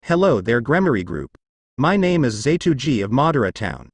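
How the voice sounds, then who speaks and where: This is an eager young male devil trainee offering creatures to newcomers in a storybook reading. A man reads his part in his own voice. The pitch moves a lot, on a dry, close mic. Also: big pitch swings, moderate pace, slightly rough, no room sound.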